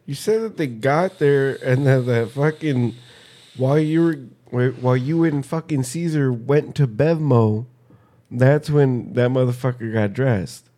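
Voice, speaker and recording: A man's voice: mid-range voice, measured pace, dark tone. A man co-hosting a casual podcast, teasing and interrupting with lots of swearing. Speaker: podcast co-host. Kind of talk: casual chat.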